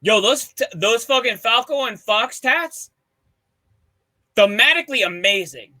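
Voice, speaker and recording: A man's voice: very high-pitched, expressive, a little slow, sharp tone. A man co-hosting a podcast, telling a story in loose, profane, enthusiastic casual chat. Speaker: podcast co-host presenting a segment.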